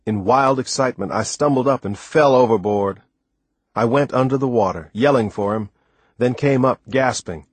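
A man narrating an audiobook in steady, first-person storytelling. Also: mid-range voice, moderate pace, slightly rough, dry recording. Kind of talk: scripted narration.

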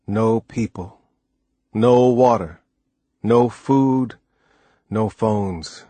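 A man narrating an audiobook in steady, first-person storytelling. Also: fairly low pitch, extremely slow, long pauses, dry recording. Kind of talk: scripted narration.

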